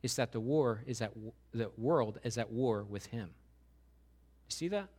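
A man, a pastor, preaching an animated sermon, often acting out quoted voices and building to loud, rising questions. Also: mid-range voice, moderate pace.

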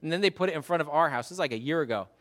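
A male pastor preaching a sermon in an animated, humorous way, putting direct questions to his listeners. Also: a little high, very fast.

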